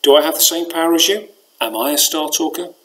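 A man's voice: fairly high pitch, quick pace, bright, forceful tone, rough recording. A man voicing a curious young boy in a storybook, asking eager questions.

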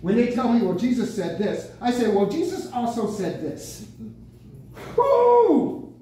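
A man preaching a lively sermon at a senior center, bursting out with excited exclamations. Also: sits high, moderate pace. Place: senior center meeting room. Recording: very echoey room, mic from far off, faint noise.

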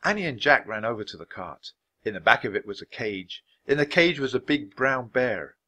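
A man reading a children's chapter book aloud at a natural pace for language learners, expressive and clear. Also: mid-range voice, moderate pace. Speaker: storybook reader.

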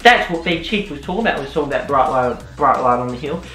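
A man's voice: expressive, quick pace, pushed and bright. Sarcastic young man, roomy echo. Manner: sarcastic, mock-ranting, jumpy pitch. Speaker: YouTuber commentator. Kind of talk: rambling comedic commentary. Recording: roomy echo, faint music.

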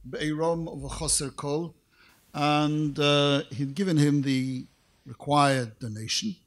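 A middle-aged man lectures formally, pronouncing every syllable carefully. His voice sits somewhat high for a man, and he paces his anecdotes with measured pauses, halting fillers and dry wit. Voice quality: careful, precise diction. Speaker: rabbinic lecturer.

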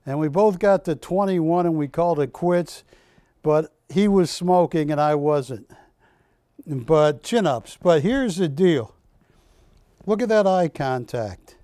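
A male shopping channel host leads a live sales presentation, chatty and full of anecdotes. He speaks slowly in a mellow, somewhat high voice. The sound is dry and close. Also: expressive, dry recording.

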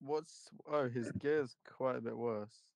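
A man's voice: medium pitch, slow, vocal fry, a little mellow, low-quality recording. Male teammate on voice chat, dry teasing tone, casual gaming banter. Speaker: fellow player on voice chat.

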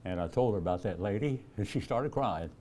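Folksy older preacher telling stories. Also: male voice, fairly low pitch, animated, fairly quick, mellow, slight background noise. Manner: folksy, acts out dialogue in a raised voice, chuckles often. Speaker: evangelist. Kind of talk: storytelling sermon.

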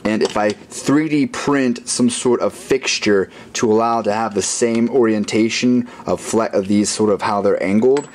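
A man building a gadget in his workshop, thinking out loud in a rambling, self-mocking way as he works. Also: on the low side. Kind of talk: casual workshop vlog narration.

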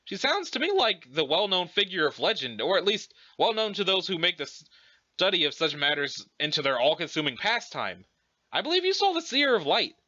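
A man's voice: sits high, very animated, fairly quick, pushed and bright, heavily acted. A man doing a prim, polite alien lady. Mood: earnest, explaining. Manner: prim, formal, fussily polite. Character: polite formal young alien woman. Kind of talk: dramatic reading of a webcomic. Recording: dull lo-fi recording.

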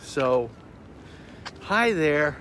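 A man's voice: fairly high pitch, big pitch swings, a bit bright, a little hiss or hum. An older man hosting a casual livestream while walking in a city park, rambling and out of breath. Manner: rambling, chatty, pauses often. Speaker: show host. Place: outdoors in a big city park.

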